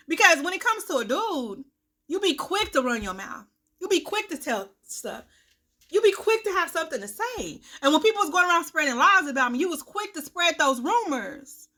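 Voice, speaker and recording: A young woman vents into the camera in a blunt, profane vlog. Her voice is bright and a little high, and it swings from loud outbursts to low muttering. She coughs now and then. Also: very animated, fairly quick. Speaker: vlogger, self-styled life coach. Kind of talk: candid talking-to-camera vlog.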